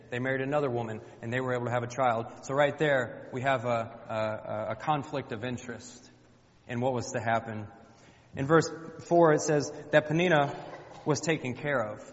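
A man's voice: mid-range voice, normal speed. A man preaching a sermon in a church, colloquial and emphatic, repeating phrases for effect. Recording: dull lo-fi with long hall reverb.

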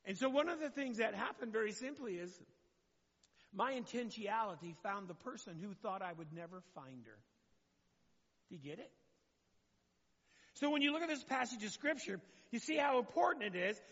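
High-voiced male pastor preaching in a hall. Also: animated, moderate pace, a bit bright, lo-fi sound. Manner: conversational preaching with questions to the congregation. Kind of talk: sermon.

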